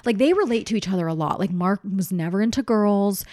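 A woman in her thirties, a mother chatting casually with a friend and telling animated family stories. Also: medium pitch, brisk, no echo, studio quality. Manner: chatty, animated storytelling with quoted voices and laughs. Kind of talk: casual chat.

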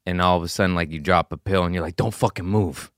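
A man hosting a podcast, telling stories casually and jumping into loud, high voices to act out the people in them. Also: fairly even intonation, quick pace, no room sound, clean studio sound. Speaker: podcast host. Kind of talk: casual storytelling chat.

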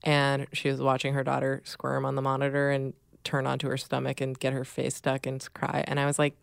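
A woman's voice: very deep voice, completely flat delivery, a little fast, creaky, hardly any pauses, clean tone, no room sound, clean studio sound. A woman co-hosting a podcast, wry and amused, chatting casually and laughing often. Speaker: podcast co-host. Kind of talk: casual chat.

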